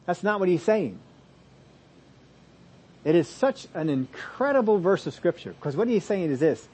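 A man preaching a sermon, explaining scripture and moving between loud emphasis and soft asides. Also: on the high side, animated, normal speed, slightly rough. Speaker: pastor.

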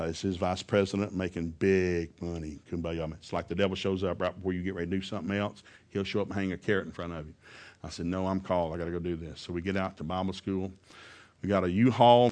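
A man preaching a sermon, telling a personal story in a lively, humorous way. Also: sits low.

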